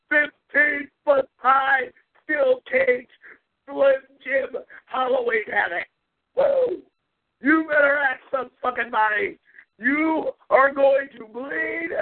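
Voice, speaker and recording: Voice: a cocky, high-pitched wrestling champion bellowing a profane challenge with yelping war cries, as a man puts him on. The delivery is slow and deliberate, with gravelly fry under the voice. It sounds thin and tinny, like a phone line. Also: exaggerated voice. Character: brash boastful male wrestling champion cutting a promo. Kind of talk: wrestling promo impression.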